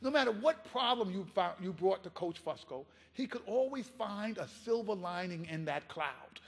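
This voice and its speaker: A man giving a keynote speech, telling a story in an impassioned, animated way. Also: sits high, normal speed, gravelly, slightly rough, long reverb tail. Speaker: keynote speaker.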